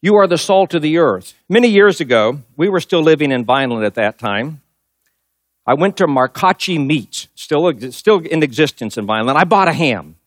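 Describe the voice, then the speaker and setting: Animated preacher man, high lively voice. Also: moderate pace, dry recording, studio quality. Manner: storytelling, emphatic repetition. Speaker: pastor. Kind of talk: sermon.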